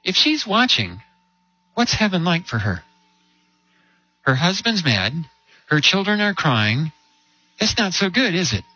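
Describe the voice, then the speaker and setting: A man preaching a sermon, telling a story with rhetorical questions and slowing down to stress key words. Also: sits high, big pitch swings, sharp tone, breathy edge, highs cut off. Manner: storytelling with rhetorical questions and slow emphatic drops.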